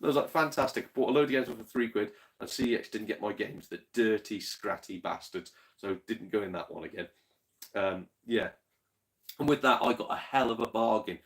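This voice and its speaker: A man's voice: on the low side, moderate pace. A man streaming live, reading chat and telling stories in a casual, sweary, laughing way, a bit tipsy. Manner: chatty, swears freely, laughs often, tipsy. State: slightly tipsy.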